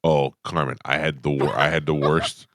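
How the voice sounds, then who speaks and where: Middle-aged guy hosting morning radio, real low voice, dry studio sound, tells stories and gets loud defending himself. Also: level tone, normal speed, no echo. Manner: storytelling, defensive, gets louder when retelling. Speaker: radio show host. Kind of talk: casual morning radio banter. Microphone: studio microphone.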